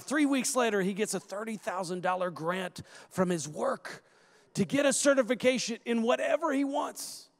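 A guest minister with a strikingly high voice tells stories from the pulpit. His delivery is animated, full of quick restarts and repeated words, moving into prophecy. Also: gravelly. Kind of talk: sermon with storytelling and prophecy.

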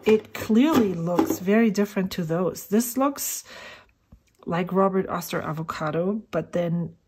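A woman's voice: on the low side, measured pace, background noise. A middle-aged woman rambling casually about inks as she swatches at her desk at home, thinking aloud and sometimes dropping to a whisper. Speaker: fountain pen vlogger.

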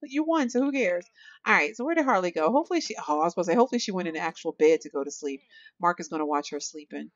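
A woman's voice: lowish voice, racing, no echo, lo-fi sound. A woman hosting a gaming video, giving chatty commentary and talking straight to her viewers. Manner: chatty, animated, addresses viewers as y'all. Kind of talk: casual let's-play commentary.

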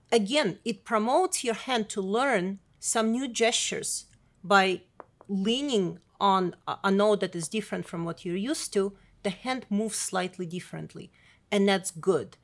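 Piano professor teaching, piano behind. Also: female voice, mid-range voice. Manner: clear, demonstrative teaching. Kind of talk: instructional video lesson. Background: piano playing.

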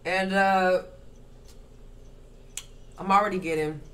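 Her voice is on the low side and fairly bright, with fairly even intonation and an unhurried pace. Reading tarot casually to camera, she's brash, profane and slangy, listing things off in rhythm while she smokes and munches ice.

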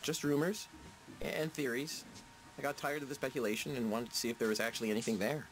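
A man's voice: mid-range voice, fairly even intonation, fast, a bit bright, lightly acted, low-quality recording. An actor playing a nerdy young man in a video game, talking in a dry, sardonic way. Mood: wry.

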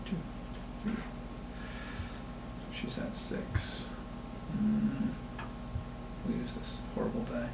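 A man's voice: mid-range voice, huge pitch swings, creaky. Man running a tabletop game. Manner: halting, many fillers. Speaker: game master. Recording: echoey room, far mic, noisy.

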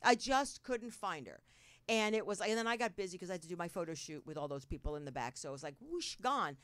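A woman's voice: lowish voice, fast talker, a bit bright, dry recording. A woman from New Jersey with a Jersey accent, hosting a podcast in casual, rambling chat and laughing often. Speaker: podcast host. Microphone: studio mic.

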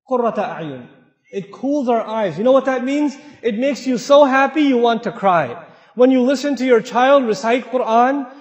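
Brief: emphatic male preacher, higher voice, long hall reverb. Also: dull audio. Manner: emphatic, animated, acts out family scenes. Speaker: Islamic speaker. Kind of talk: sermon to a congregation.

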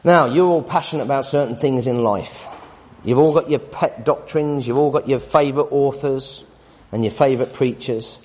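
A man's voice: medium pitch, moderate pace, a little mellow. A man in his forties teaching a Bible study in sermon style, emphatic and often tossing tag questions at his listeners. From United Kingdom. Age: 40s. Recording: long reverb of a hall.

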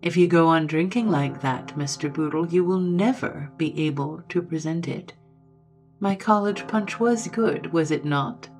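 A woman's voice: low-pitched, measured pace, a little mellow, faint music behind. A woman voicing a sly, ghostly male Oxford student from an old storybook, who speaks in a mocking, coaxing way.

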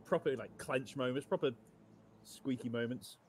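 A man's voice: mid-range voice, normal speed, slight background noise. A man playing a game with a friend, chatty and keen to explain gun and tech trivia. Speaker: co-player. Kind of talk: casual gameplay chat.

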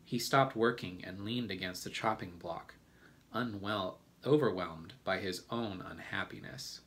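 A man reading a children's storybook aloud as a teacher, gentle and deliberate. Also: low voice.

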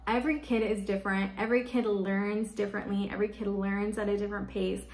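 In an echoey room, a woman parenting vlogger rattles off tips to the camera in a medium-pitched, slightly mellow voice with little pitch movement. She talks fast and chattily, using "like" a lot as filler.

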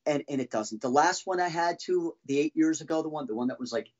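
A man telling his own story as a podcast guest, halting and restarting often as he talks. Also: fairly high pitch, lively intonation, darkish tone, muffled recording. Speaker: guest, former band drummer. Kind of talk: casual podcast interview storytelling.

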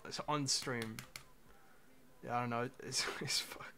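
A man's voice: medium pitch, fairly even intonation, takes it slowly, pushed and bright, a little hiss or hum. A young man streaming casually, laughing, swearing and telling a chatbot to move on. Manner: laid-back, laughing, swearing, impatient with the bot. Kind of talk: casual livestream chat.

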